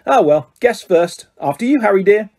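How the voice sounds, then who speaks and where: A fretful, motherly witch, voiced by a man reading aloud in an audiobook. Raised pitch with a husky grain. She fusses over everyone. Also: lively intonation, moderate pace. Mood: fussing. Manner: fussy and anxious, raised and bright. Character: fussing, motherly middle-aged witch.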